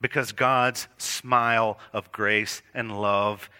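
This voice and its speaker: A man preaching a sermon to his congregation, earnest and direct, building to emphatic peaks and dropping to quiet lines. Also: on the low side, steady tone, slow pace, clear, resonant tone. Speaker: pastor.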